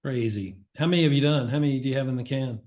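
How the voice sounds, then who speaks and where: A man's voice: mid-range voice, quick pace, a little mellow. A man interviewing a guest in casual chat, reacting briefly and asking short questions.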